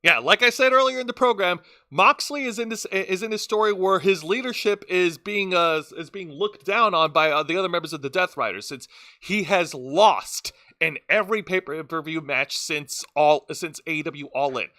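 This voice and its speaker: A man's voice: sits high, moderate pace, sharp tone, dry recording, clean studio sound. A man co-hosting a casual wrestling review podcast, rambling through match recaps and stumbling over his words. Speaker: wrestling show co-host.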